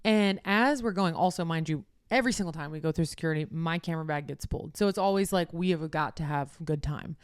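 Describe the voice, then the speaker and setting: A woman with a fairly low voice co-hosting a casual podcast, telling stories animatedly and acting out what people said. The sound is close and dry, with no echo. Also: fast talker, hardly any pauses, clear, resonant tone. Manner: animated storyteller who reenacts conversations. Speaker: podcast co-host.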